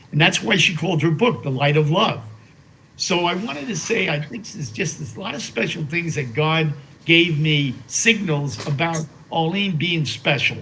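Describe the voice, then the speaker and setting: Older man, slightly high voice, halting. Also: fairly bright tone, a little hiss or hum, poor audio. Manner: halting, with many fillers and restarts; slow and reverent while reading a poem aloud. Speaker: interview guest. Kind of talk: emotional personal remembrance.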